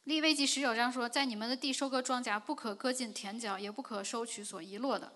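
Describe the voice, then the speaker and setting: Female interpreter with a bright, forceful voice, rendering the sermon at a fast clip. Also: fairly high pitch, fairly even intonation. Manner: quick, with fillers.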